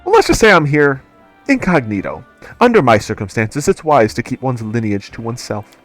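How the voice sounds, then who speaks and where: A man's voice: mid-range voice, very animated, moderate pace, soft background music, natural voice. A man voicing a polite, scheming seventeen-year-old noble heir in a game. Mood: courteous.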